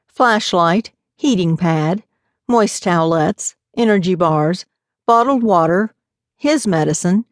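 A woman narrating an audiobook in an even, measured storytelling manner. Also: lowish voice, no room sound, studio quality. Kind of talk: scripted narration.

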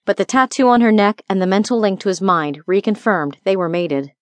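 A woman narrating a fantasy romance audiobook in a steady, even storytelling manner. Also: mid-range voice, a little fast, no room sound. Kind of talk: scripted narration.

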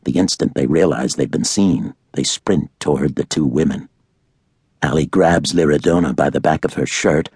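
Deep husky male thriller narrator. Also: darkish tone, dry recording, studio quality. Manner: measured, dramatic. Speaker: audiobook narrator.

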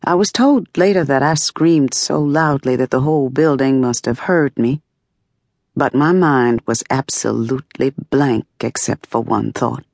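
A woman narrates a memoir in the first person, measured and expressive. Her voice carries a gravelly, creaky texture. The studio sound is dry and close. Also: a bass voice, dry recording. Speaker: audiobook narrator. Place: dry recording booth. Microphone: close studio mic.

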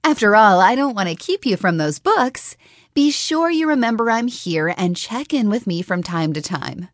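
A woman's voice: medium pitch, lively intonation, moderate pace, no room sound, studio quality, pitched above the performer's own voice, close to an everyday voice. A woman voicing an earnest, practical young woman in a fantasy audiobook, speaking in a reasoning, slightly unsure way. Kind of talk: audiobook character voice.

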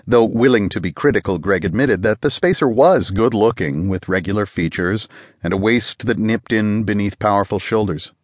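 A fairly low-voiced man narrates an audiobook from a script, keeping a steady, measured delivery. The sound is clean studio audio without any echo.

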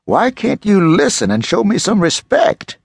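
A man's voice: huge pitch swings, normal speed, vocal fry, a little mellow, husky, no echo, clean studio sound, exaggerated voice. A man playing a cruel, growling bully. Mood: threatening. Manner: low, threatening growl. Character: cruel bullying homeless man, contemptuous and controlling.

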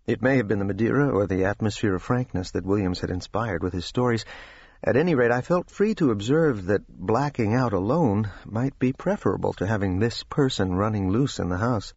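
A man reading a nonfiction book aloud as its narrator, in a measured, even manner. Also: fairly low pitch, breathy edge, dry recording, lo-fi sound. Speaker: audiobook narrator. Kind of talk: scripted narration. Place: recording studio.

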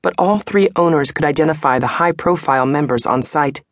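A woman narrating a romance audiobook in a steady, even storytelling manner. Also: low-pitched, fairly quick, no echo, clean studio sound. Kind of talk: scripted narration.

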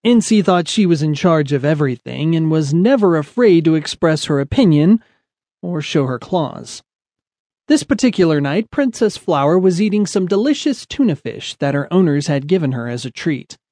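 A man narrating a children's audiobook in a lively storytelling manner. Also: fairly high pitch, normal speed, no room sound.

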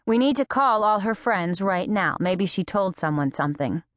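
A woman voicing a formal, stiff middle-aged father who speaks in a flat, brisk way. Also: medium pitch, dry recording, clean studio sound, lightly acted.

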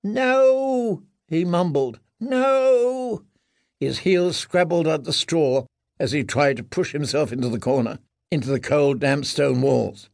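A man's voice: medium pitch, normal speed, creaky, no echo, studio quality. Grave male audiobook narrator. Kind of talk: scripted narration.

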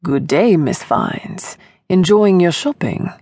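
A woman voicing a brooding, cunning young man in an audiobook, speaking in a low, terse, dry way. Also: big pitch swings, slow, warm tone, breathy edge, no room sound, exaggerated voice. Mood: cool. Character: brooding young male rogue, gruff and cunning.

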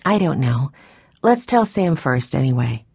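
A woman's voice: extremely low pitch, very animated, measured pace, vocal fry, a little mellow, slightly rough, no echo, studio quality, full character voice. A woman voicing a practical girl in a storybook reading, matter-of-fact in tone. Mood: plain.

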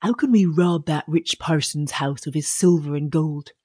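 A woman voicing a pair of scheming male thieves in an audiobook, in a gruff, plotting manner. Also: low-pitched, normal speed, darkish tone. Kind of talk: audiobook character reading.

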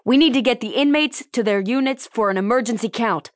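A woman's voice: on the high side, brisk, dry recording, studio quality, voice pushed up, close to an everyday voice. A woman narrator voicing a stocky, sulky male prison lieutenant who barks orders in an audiobook. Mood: barking orders. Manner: barking orders.

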